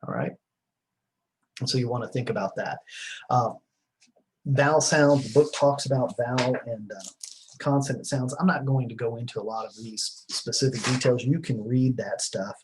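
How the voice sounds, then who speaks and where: A man's voice: mid-range voice, moderate pace, noisy background. A middle-aged man giving a recorded class lecture in a rambling, conversational way, with many fillers and restarts. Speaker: teacher.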